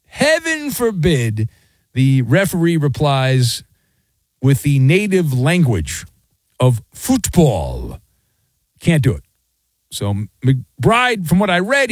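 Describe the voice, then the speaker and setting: A middle-aged sports talk radio host rants in a sarcastic, mocking way, acting out the voices of people he quotes. His voice leans high and carries no room sound.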